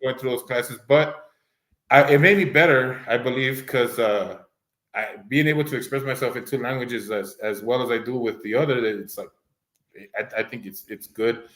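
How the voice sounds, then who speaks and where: In casual podcast chat, a co-host who grew up speaking Spanish rambles along, doing voices and frequently restarting his sentences. He speaks at normal speed with a medium, fairly bright voice, and the room echoes noticeably.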